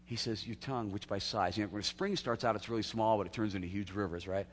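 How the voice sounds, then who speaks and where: A man's voice: lowish voice, fast talker, slight background noise. Man preaching in a reverberant hall. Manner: conversational preaching with acted quotes and laughs. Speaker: pastor. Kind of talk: sermon.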